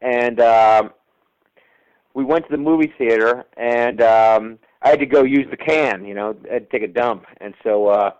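A man, a guest comedian, telling a story in a relaxed, rambling way with lots of "um"s and "you know"s. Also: medium pitch, normal speed, clear, resonant tone, dry recording, muffled recording. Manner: relaxed, rambling, many fillers. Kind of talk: casual storytelling.

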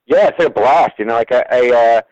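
A man, a guest comedian, telling a story in a relaxed, rambling way with lots of "um"s and "you know"s. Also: medium pitch, rapid-fire, no room sound, muffled recording. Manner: relaxed, rambling, many fillers. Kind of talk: casual storytelling.

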